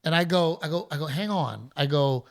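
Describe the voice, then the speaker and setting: A middle-aged man hosting a podcast, telling a story in a casual, animated way and acting out other people's voices. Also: on the high side, moderate pace, creaky. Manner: animated, acts out heckler voices. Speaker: podcast host.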